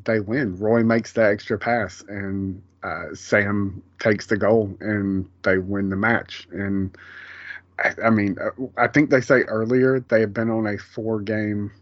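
A man with a lowish voice talking casually as a podcast co-host. He is loose and swears freely, and he breaks into short quoted bits of dialogue. The sound is dull and dry, like a home mic. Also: steady tone, slow, no echo. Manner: loose and profane, quotes scenes in little bursts. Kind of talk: casual chat.

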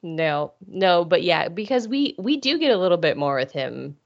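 A woman's voice: on the low side, sing-song, gravelly, dry recording. A woman co-hosting a casual podcast chat about a TV show. She agrees readily and chimes in often. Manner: agreeable, quick short affirmations. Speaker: podcast co-host. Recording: dull, lo-fi home podcast audio.

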